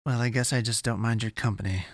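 A man's voice: mid-range voice, steady tone, fast talker, no echo, close to an everyday voice. A man reading a story aloud, voicing a battered, shaken young man who stammers and speaks dryly. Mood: earnest. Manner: stammering and dry.

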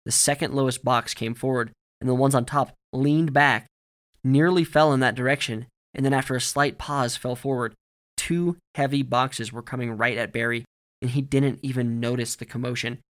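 Bright-voiced male audiobook narrator. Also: medium pitch. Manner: steady, measured reading.

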